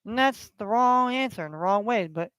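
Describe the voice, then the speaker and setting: A middle-aged man hosting a solo sports stream, his voice pitched high and resonant. He talks bluntly, swears freely and repeats himself. The sound is close and dry, with no room echo. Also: lively intonation, moderate pace, a bit bright, clean tone. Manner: profane, blunt and repetitive, heated when passionate. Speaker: sports livestream host. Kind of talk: solo livestream rant and score updates.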